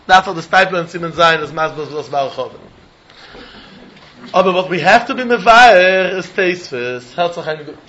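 A man explains a Talmud passage in a lilting, repetitive sing-song. His voice sits high for a man and sounds bright and forceful. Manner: sing-song, repeats key points, mixes in Hebrew and Yiddish terms. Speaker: Talmud teacher. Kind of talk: Talmud lesson.

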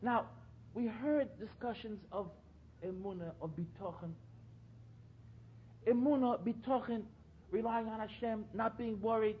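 A man's voice: high voice, fairly quick, slight background noise. A man giving a sermon-style talk at a religious gathering, telling stories and repeating phrases for emphasis. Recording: dull lo-fi recording.

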